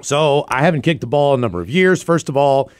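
A man's voice: on the high side, fast talker, clear, resonant tone. A middle-aged man, a podcast co-host, telling a story in casual chat, laughing and swearing as he goes. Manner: animated, laughing, profane storyteller.

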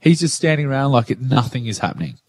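A man's voice: medium pitch, big pitch swings, fast, darkish tone, dry recording. A man with an Australian accent co-hosting a radio show from his living room, joking and laughing often. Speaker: radio co-host. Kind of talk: casual chat.

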